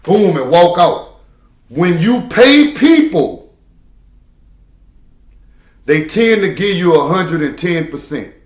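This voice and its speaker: Very animated yet slow, with long pauses, a truck driver preaches to the camera and keeps circling back to key phrases for emphasis. His voice is slightly high for a man, and the room around him is echoey.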